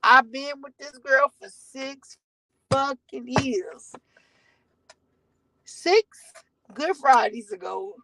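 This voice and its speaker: A woman's voice: sits high, takes it slowly, vocal fry, sharp tone, poor audio. A woman vlogging from her car, telling a rambling, profane story to her viewers.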